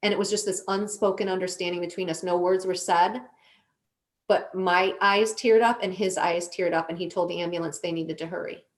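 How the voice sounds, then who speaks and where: A woman on a podcast as a guest, telling her own story in an earnest, slow, deliberate way. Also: on the low side, fairly even intonation. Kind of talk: emotional personal storytelling.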